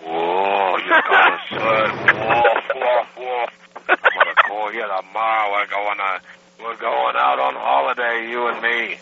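A man's voice: on the low side, lively intonation, unhurried, creaky, very noisy. A man putting on a crude, boastful persona while leaving a prank voicemail message, woofing between lines. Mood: leering. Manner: crude, barking repeated woofs. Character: leering, boastful man caller. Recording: dull lo-fi recording.

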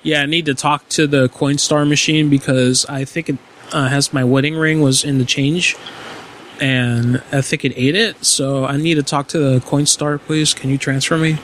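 A man's voice: a little high, fairly even intonation, moderate pace, a bit bright, slight background noise. A man hosting a prank call show, joking loosely and swearing often as he chats and calls. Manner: loose, laughing, profane, joking. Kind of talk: casual crude banter and prank calls.

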